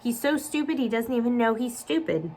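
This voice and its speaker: A woman's voice: on the high side, expressive, fairly quick, darkish tone, slight background noise, voice pushed up. A woman voicing a sneering adult male camp counselor, sarcastic and scornful. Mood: mocking.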